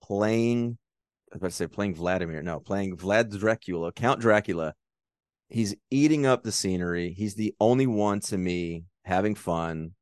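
A young man co-hosting a casual movie podcast, talking in an animated way and acting out lines in exaggerated voices. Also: lowish voice, normal speed, no room sound, studio quality. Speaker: podcast co-host.

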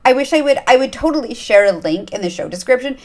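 A somewhat high-voiced woman hosting her own podcast. She chats in a loose, candid way, full of fillers and quick asides. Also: animated. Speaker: podcast host. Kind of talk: casual chat. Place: lives in Los Angeles.

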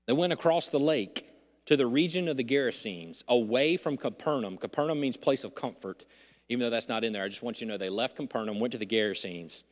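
A man preaching a sermon in a church, swinging between loud emphasis and hushed, intimate lines. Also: mid-range voice, a little fast. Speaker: pastor. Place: church sanctuary. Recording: long hall reverb.

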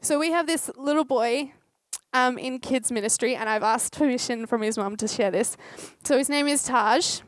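Woman preacher, high voice, dry close recording, heartfelt storytelling. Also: normal speed, dry recording. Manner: heartfelt storytelling with quoted dialogue. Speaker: speaker giving a short sermon. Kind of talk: sermon.

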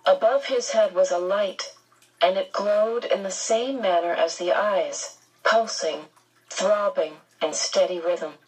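A woman reads an audiobook slowly and steadily, in a measured storytelling voice. Her tone is breathy and soft-edged. She sits somewhat back from the mic. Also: medium pitch, far from the mic, poor audio. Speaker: narrator. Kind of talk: audiobook narration.

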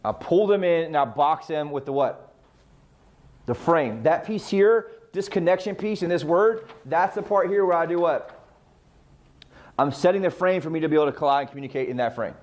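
A man's voice: fairly high pitch, moderate pace, a little mellow. A man coaching real estate agents on client communication, emphatic and full of rhetorical questions he answers himself. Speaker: sales trainer.

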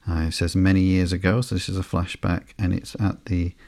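A man hosting a sleepy podcast, reading through a comic slowly and flatly with frequent ums and uhs. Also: low voice, vocal fry, no room sound, studio quality. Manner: slow, flat and unhurried, with frequent ums and uhs. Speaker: podcast host.

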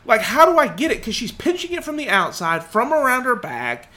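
Animated man telling a story. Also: extremely high pitch, a little fast. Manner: animated, acts out quoted voices. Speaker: podcast co-host. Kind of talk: casual storytelling.

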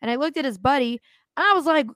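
A young woman co-hosting a podcast, animated and swearing often as she acts out quotes. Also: high-pitched, fast, dry recording, clean studio sound. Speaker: podcast co-host. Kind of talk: casual podcast chat.

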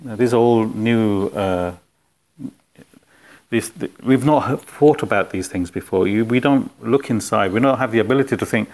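A man's voice: lowish voice, moderate pace, a little mellow. A man teaching an informal spiritual philosophy class in a conversational way, putting questions to his listeners.

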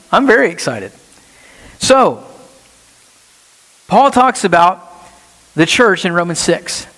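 Male pastor, higher-pitched, energetic sermon delivery, long reverb from a church hall. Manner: animated preaching with rhetorical questions. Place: church sanctuary.

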